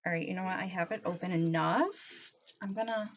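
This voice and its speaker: A young woman chatting casually and gushing excitedly as she unboxes a package in her reading room at home. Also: lowish voice, fairly quick, highs cut off, slight background noise. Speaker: vlogger.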